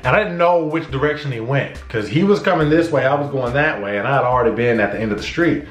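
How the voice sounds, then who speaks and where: A man's voice: medium pitch, quick pace, faint music behind. Man telling a story, echoey room. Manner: animated, acts out his own shouts and dialogue. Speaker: vlogger. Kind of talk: casual storytelling.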